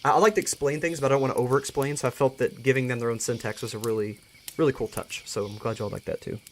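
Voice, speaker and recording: A man's voice: mid-range voice, fairly even intonation, fast, a little hiss or hum. A man hosting a live stream, closing it in an earnest, thankful way and often restarting his words. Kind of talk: casual live-stream sign-off.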